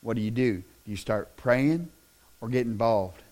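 A middle-aged man preaching a sermon in a folksy, plain-spoken way that swells into loud, impassioned shouting. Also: mid-range voice, a little slow. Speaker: pastor.

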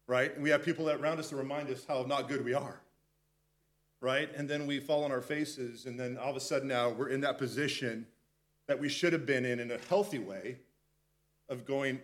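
A male pastor talks through a Bible passage in a loose, conversational way. His voice sits a little high, and he stumbles and restarts phrases as he thinks aloud. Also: a bit bright. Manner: conversational, halting with repeated restarts. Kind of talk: devotional Bible teaching.

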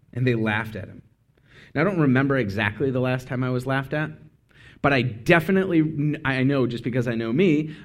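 A man preaching a casual, conversational sermon, full of asides and quick self-corrections. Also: medium pitch. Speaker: speaker.

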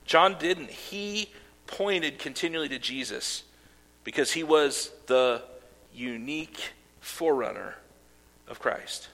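A man's voice: a little high, takes it slowly, fairly bright tone. A man preaching a sermon as pastor, earnest, with casual asides and fillers. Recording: long hall reverb.

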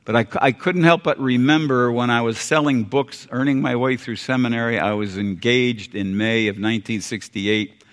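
An older American man preaching a sermon, earnest and folksy, repeating phrases and dropping suddenly quiet for emphasis. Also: medium pitch, moderate pace. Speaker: pastor. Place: church sanctuary. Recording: long hall reverb.

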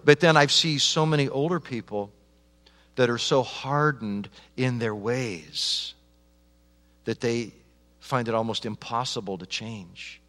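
A middle-aged man preaches in a church sanctuary, his voice trailing off in a long reverb around the hall. He drops to a hushed plea, then climbs to loud, fervent urging. His pitch sits in the ordinary middle range for a man. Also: moderate pace. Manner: swings from hushed pleading to loud impassioned preaching. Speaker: pastor. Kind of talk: sermon.

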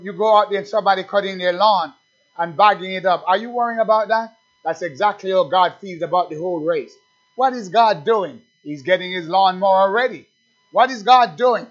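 High-voiced preacher in full sermon. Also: male voice, muffled recording. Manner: call-and-response preaching, rising to loud emphatic peaks.

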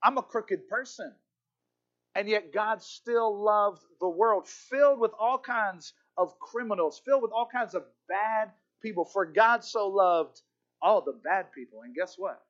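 A man's voice: sits high, measured pace, a bit bright. A male pastor preaching a sermon with emphatic repetition and occasional stammered restarts. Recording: dull lo-fi recording.

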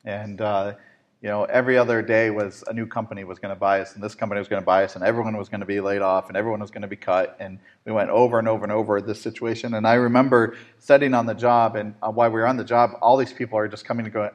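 A man hosting a faith-based talk show, telling a story in a lively way with frequent fillers. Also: lowish voice, quick pace, highs cut off. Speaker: host.

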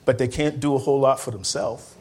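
Preaching in church at a slightly fast clip, this man has a mid-range voice. He leans on repetition, invites the congregation to answer back, and alternates between booming outbursts and hushed speech.

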